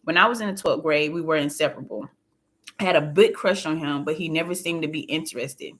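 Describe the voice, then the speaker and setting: A woman's voice: sits low, quick pace, a bit bright. A woman reading a first-person audiobook in a plain, confiding storytelling voice. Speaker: audiobook narrator.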